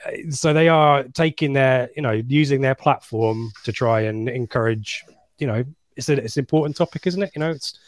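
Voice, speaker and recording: A man's voice: medium pitch, a little fast, no room sound. A man hosting a casual football podcast, chatty and rambling, laughing at his own slips. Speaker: podcast host.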